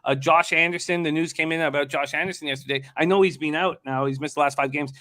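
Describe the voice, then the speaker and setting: A man's voice: fairly high pitch, steady tone, quick pace, sharp tone. A man hosting a sports betting show, reading off hockey stats and chat comments in casual talk.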